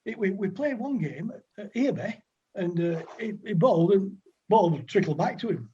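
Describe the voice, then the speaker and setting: A man's voice: sits high, animated, moderate pace, warm tone, muffled recording, a little hiss or hum. A man in his sixties with a Lancashire accent, a podcast guest telling old cricket stories in a rambling, chatty way full of dialect words and fillers. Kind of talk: anecdotal storytelling.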